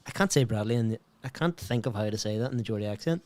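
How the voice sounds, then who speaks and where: A man's voice: fairly low pitch, lively intonation, racing, darkish tone, dry recording. A man co-hosting a casual football watchalong, bantering, joking and swearing freely with his friend. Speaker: watchalong co-host.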